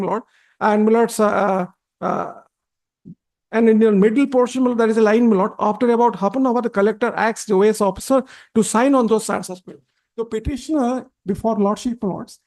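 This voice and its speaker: Male advocate, high voice, halting courtroom argument, deferential to the bench. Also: darkish tone. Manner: halting, deferential, constantly repeats "my lords". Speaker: advocate arguing before a judge.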